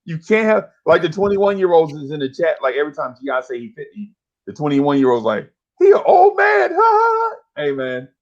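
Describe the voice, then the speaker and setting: A man's voice: a little high, brisk, highs cut off. A man, hosting a casual podcast chat and telling stories with slang and acted-out voices. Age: 50s. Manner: animated storyteller, slangy, acts out voices. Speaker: show host.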